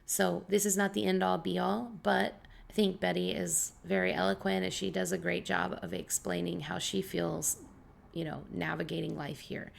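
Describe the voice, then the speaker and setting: Her fairly low, gravelly voice stays level at a normal pace as this young adult English teacher talks casually to vlog viewers. She explains things chattily, sprinkling in disclaimers and fillers.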